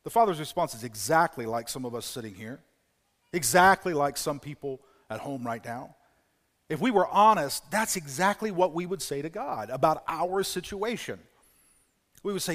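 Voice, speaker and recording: A man preaching a sermon, retelling a story and dropping to a hushed voice when he voices a plea. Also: fairly high pitch, expressive, brisk, big-room sound. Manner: storytelling, dropping to hushed tones for quoted pleas. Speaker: pastor.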